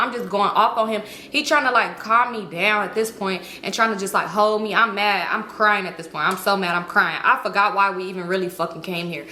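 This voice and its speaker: A woman telling a personal story in a casual vlog, animated and full of profanity. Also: mid-range voice, a little fast, few pauses, a little hiss or hum. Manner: heavy cursing, animated retelling. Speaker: storytime vlogger. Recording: roomy echo.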